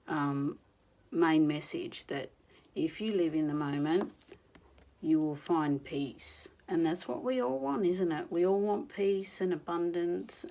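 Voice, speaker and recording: A woman doing an oracle card reading in a gentle, reflective, encouraging manner. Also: lowish voice, low-quality recording. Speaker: spiritual card reader.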